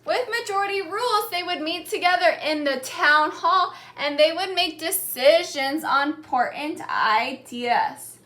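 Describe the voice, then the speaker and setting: Bright-voiced woman teacher, echoey room. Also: extremely high pitch, animated. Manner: slow, clear, repeats key words for the class to echo. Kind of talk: classroom lesson with call-and-response reading.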